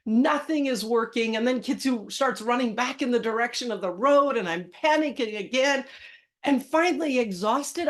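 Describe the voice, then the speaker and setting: A middle-aged woman, telling a personal story to camera in an expressive way, moving between urgent and hushed. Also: medium pitch. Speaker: personal growth channel host.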